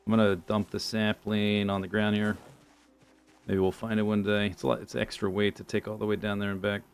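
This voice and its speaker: A man's voice: fairly low pitch, little pitch movement, brisk, smooth. Dry-joking man muttering through gameplay. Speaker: streamer. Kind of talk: casual gameplay commentary.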